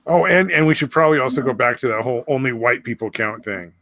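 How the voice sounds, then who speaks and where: A man's voice: mid-range voice, expressive, fast talker, a bit bright, no echo. A man hosting a casual podcast chat, talking crudely and sarcastically with a lot of swearing and frequent laughs. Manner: profane, sarcastic, laughs often. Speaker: podcast host.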